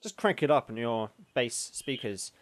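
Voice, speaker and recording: A man co-hosting a podcast in casual chat, with dry deadpan jokes. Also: medium pitch, normal speed, no room sound. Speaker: podcast co-host.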